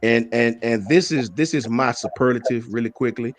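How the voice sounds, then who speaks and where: A man hosts a casual sports talk show, calling out viewers and ranting in animated bursts. His voice sits in a middle pitch and comes through dry and close to the mic. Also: normal speed, no echo. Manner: animated, greets chat viewers, slangy.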